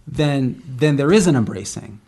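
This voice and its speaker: A man's voice: mid-range voice, animated, normal speed, a little mellow, slight background noise. A man co-hosting a faith discussion podcast, talking in an emphatic, questioning way. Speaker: podcast co-host.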